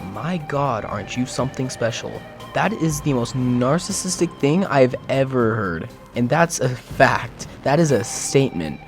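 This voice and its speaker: A young man in exasperated, sarcastic reaction commentary, swearing freely as he rants. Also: mid-range voice.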